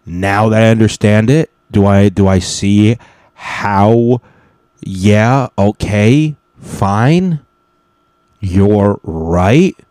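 A man's voice: lowish voice, very slow, a little mellow, no room sound, studio quality. A young man telling a comic story casually, rambling and swearing freely, often correcting himself mid-sentence. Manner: rambling, profane, self-correcting.

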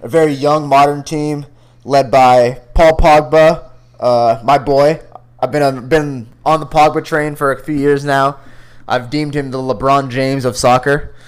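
Smooth-voiced young man in loose sports banter. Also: mid-range voice, steady tone, measured pace. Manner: loose, swearing, joking banter. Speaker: podcast co-host. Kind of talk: casual sports chat.

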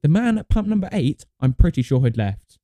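A young man co-hosts a casual podcast with a very dark, mellow tone. His pitch swings around freely as he rambles through a story. His voice sounds close and dry. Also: very animated, fairly quick, dry recording. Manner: rambling storyteller, swears, laughs a lot. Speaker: podcast co-host. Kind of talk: casual chat.

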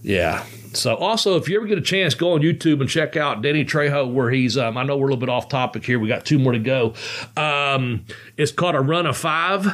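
A man's voice: medium pitch, lively intonation, fairly quick, a bit bright. A man hosting a casual podcast, talking loosely and rambling with plenty of swearing. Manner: rambling, profane, loose storytelling. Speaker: podcast host.

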